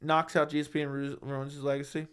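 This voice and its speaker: A young man hosts a casual livestream, reading viewer comments and firing back bluntly with plenty of swearing. His voice sits a bit higher than most men's. He talks close into a desk microphone. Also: flat delivery, quick pace, a bit bright, clean tone. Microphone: studio microphone at a desk.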